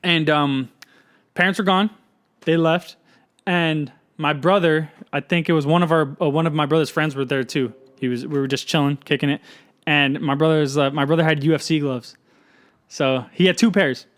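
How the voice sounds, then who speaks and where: A man's voice: on the high side, steady tone, moderate pace. A young man co-hosting a podcast, telling stories in a laid-back way, swearing often and laughing as he goes. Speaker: podcast co-host. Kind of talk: casual storytelling chat.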